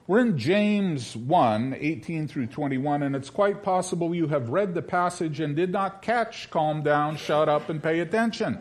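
A male pastor preaching a sermon, wry and conversational, slowing down to stress scripture phrases. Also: on the high side. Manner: lively, wry preaching with slow, emphatic scripture reading.

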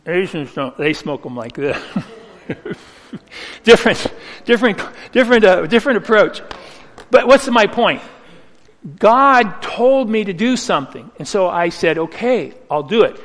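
A man preaching a sermon, telling a personal story earnestly with slow, emphatic phrasing. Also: high voice, sing-song, fairly bright tone, a little hiss or hum. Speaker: pastor. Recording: reverberant hall.

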